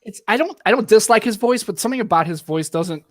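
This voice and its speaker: Rambling American man, slightly high voice. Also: lively intonation, fast talker, no echo, studio quality. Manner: joking, rambling, swears freely. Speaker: podcast co-host. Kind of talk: casual podcast chat.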